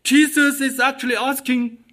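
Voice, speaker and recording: A man's voice: very high-pitched, fairly even intonation, moderate pace, sharp tone. A man preaching a sermon, repeating his key questions with emphasis.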